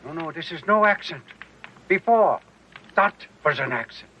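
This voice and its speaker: A feeble old professor. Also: male voice, on the high side, animated, moderate pace, highs cut off, slight background noise. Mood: defensive. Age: older. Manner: accented, whining denials. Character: feeble old male professor, exposed war criminal. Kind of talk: 1980s TV comedy acting.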